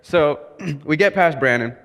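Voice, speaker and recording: A man's voice: fairly high pitch, lively intonation, a little slow, a bit bright. Young male pastor telling a story in a reverberant hall. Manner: candid, self-mocking storyteller who laughs at his own tale. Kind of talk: storytelling sermon. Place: church sanctuary.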